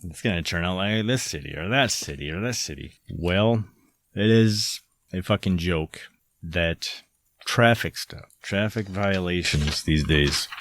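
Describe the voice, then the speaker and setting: A man's voice: deep voice, no room sound. A man hosting a podcast, delivering an angry, profane, sarcastic monologue. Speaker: podcast host.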